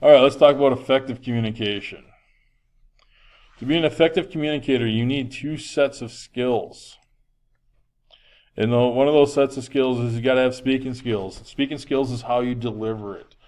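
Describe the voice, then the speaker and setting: A man's voice: medium pitch, normal speed, darkish tone. A man, a teacher, giving a recorded health lesson in a conversational, projecting voice with frequent fillers. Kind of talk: classroom lecture.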